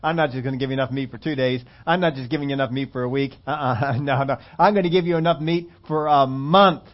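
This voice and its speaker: A man's voice: medium pitch, fast, lightly acted. A man voicing an exasperated God who repeats his promise with mocking emphasis. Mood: emphatic. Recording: dull lo-fi recording.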